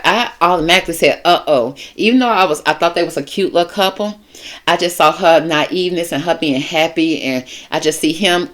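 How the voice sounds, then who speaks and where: A woman's voice: lowish voice, fairly bright tone. A woman host giving a casual, chatty tarot reading, talking straight to her viewers in a sassy way. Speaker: tarot reader and show host.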